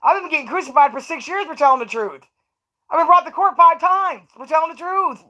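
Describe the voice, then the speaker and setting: A woman's voice: very high voice, lively intonation, fairly quick, bright, forceful tone, dull audio, pitched above the performer's own voice, full character voice. A woman voicing a man streamer who whines and pleads for cash, in a whiny, pleading voice. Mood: whiny begging.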